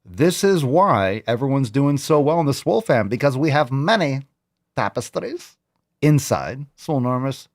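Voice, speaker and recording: A man's voice: mid-range voice, normal speed, few pauses. A man hosting a fitness vlog, joking and swearing in casual talk. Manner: profane, joking, animated. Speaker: fitness podcast host.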